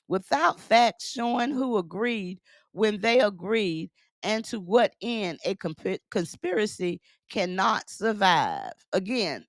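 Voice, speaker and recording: A woman's voice: medium pitch, dry recording, clean studio sound. A woman news commentator reading aloud from a court order and breaking in with emphatic remarks, repeating phrases as she goes.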